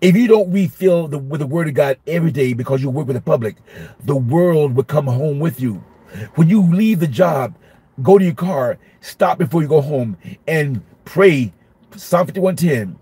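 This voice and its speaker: A middle-aged male minister giving an informal Bible study, emphatic and repetitive, sometimes acting out shouting at a class. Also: fairly high pitch, animated, normal speed, breathy edge. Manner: emphatic, repeats phrases, acts out shouting at a class.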